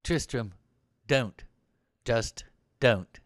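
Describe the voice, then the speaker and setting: A man's voice: medium pitch, very slow, no echo, clean studio sound. A man reading a reserved upper-class young soldier. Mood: teasing. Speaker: actor in a script reading. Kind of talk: script reading.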